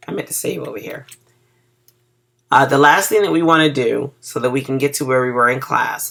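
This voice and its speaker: A casual web design teacher walks through a screen-recorded coding lesson, chatty and checking in with the class. The voice has a gravelly edge and a bright, forward tone. The teacher sounds a little groggy on cough medicine and trips over words now and then. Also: medium pitch.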